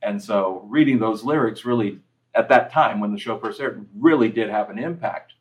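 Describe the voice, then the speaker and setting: A man's voice: lowish voice, normal speed, rough recording. A man giving casual commentary on a TV episode, telling personal stories in a reflective way. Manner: reflective storyteller, personal anecdotes.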